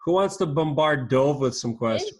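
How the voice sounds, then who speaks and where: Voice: medium pitch, lively intonation. Upbeat teacher leading an online kids' class. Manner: upbeat, patient, quick strings of questions. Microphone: video call.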